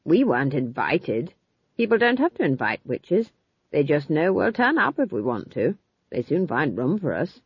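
A stern old witch speaks with firm, brisk certainty, as a woman narrator puts her on. The voice sits low and husky, with lively swings in pitch. The recording is dry and a little dull. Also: no room sound, exaggerated voice. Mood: haughty. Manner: firm, brisk, matter-of-fact. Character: stern older female witch, firm and commanding.

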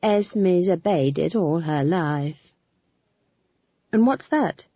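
A woman's voice: fairly low pitch, expressive, slow, dark tone, husky, dry recording, dull audio, heavily acted. A woman reading an audiobook, voicing a cheerful, earthy old witch woman who coaxes and soothes. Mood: coaxing. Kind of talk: audiobook character voice.

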